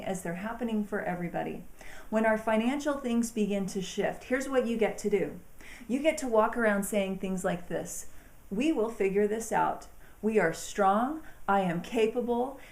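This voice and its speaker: A woman hosting an inspirational talk, speaking in an earnest, encouraging way with slow, emphatic phrasing. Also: medium pitch, darkish tone, echoey room. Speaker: host.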